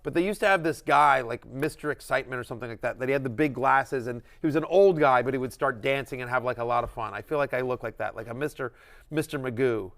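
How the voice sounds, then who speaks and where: A middle-aged man hosting a fantasy football show, talking in an excitable, rambling way with many restarts. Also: mid-range voice, fast talker. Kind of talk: casual sports chat.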